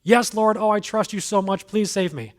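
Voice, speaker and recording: A man's voice: a little slow, a bit bright. A man playing a frantic man clinging to a cliff. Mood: panicked pleading. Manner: frantic, pleading, high-pitched. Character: panicked man dangling from a cliff branch.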